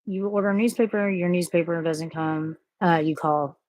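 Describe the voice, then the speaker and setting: A woman's voice: lowish voice, fairly even intonation, normal speed, darkish tone, no echo. A middle-aged woman talking frankly in a rambling, profane monologue about work and quitting jobs. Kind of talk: casual monologue.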